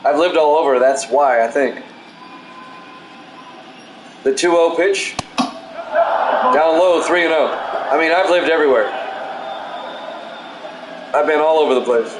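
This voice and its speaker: A man calling play-by-play of a simulated baseball game in a calm, soothing way, chatting with viewers between pitches, with no regional accent. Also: unhurried, pauses often. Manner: calm, self-described soothing delivery with asides. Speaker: play-by-play announcer. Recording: echoey room with loud background noise.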